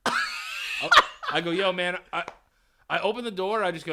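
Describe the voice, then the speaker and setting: A young man talks with a fairly high, bright, forceful voice. He is co-hosting a casual podcast chat and tells stories with lots of swearing and animation. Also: moderate pace, long pauses, slight background noise. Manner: animated storytelling, heavy swearing. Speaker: podcast co-host.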